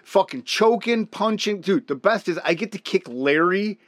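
A man's voice: high voice, expressive, moderate pace, a bit bright, no room sound, studio quality. A man co-hosting a podcast, joking and teasing in a casual, profane way. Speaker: podcast co-host. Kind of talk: casual chat.

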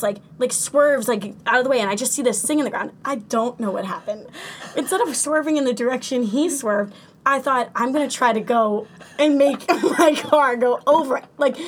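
A woman's voice: sits high, a little hiss or hum. A woman co-hosting a casual chat, teasing her friend and rambling through her own story. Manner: teasing, rambling, with many restarts and fillers. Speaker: podcast co-host.

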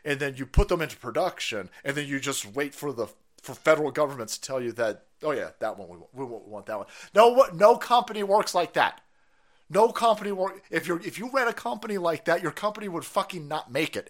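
Male streamer, profane and mocking, animated delivery with a somewhat high voice. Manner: swearing, heated, mocking. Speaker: stream host. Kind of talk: profane ranting commentary.

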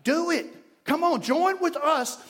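A man preaching a sermon as pastor, moving between loud exhortation and quiet, hushed prayer. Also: extremely high pitch, a little slow. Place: church sanctuary. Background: congregation.

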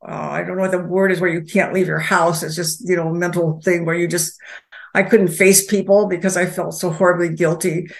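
An older woman telling a personal story as a guest, halting, with many pauses and restarts. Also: fairly low pitch, little pitch movement, vocal fry.

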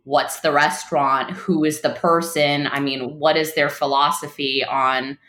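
Low-voiced lady co-host, chatty storyteller, laughs a lot, echoey room. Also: a little slow. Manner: animated storyteller, laughs often, acts out quotes. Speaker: podcast co-host, restaurant recruiter. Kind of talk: casual storytelling chat.

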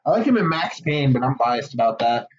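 A man co-hosting a casual movie podcast, swearing freely and joking, slipping into quick impressions. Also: medium pitch, sing-song, dull audio. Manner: profane, jokey, acts out quick impressions. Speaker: podcast co-host.

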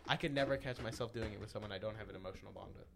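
A man's voice: on the low side, racing, creaky. Young man, casual podcast chat, hesitant, trailing off. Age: young adult. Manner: hesitant, trailing off, restarts a lot. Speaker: podcast co-host.

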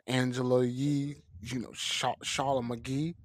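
A man co-hosting a casual podcast chat, an animated storyteller who acts out quotes and laughs often. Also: mid-range voice, slow pace, no room sound, clean studio sound. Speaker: podcast co-host.

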